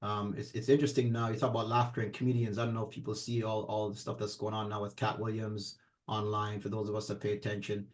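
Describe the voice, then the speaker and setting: A man's voice: lowish voice, monotone, quick pace. A middle-aged man co-hosting a casual talk show, rambling on with many fillers. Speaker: podcast co-host. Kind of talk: casual chat.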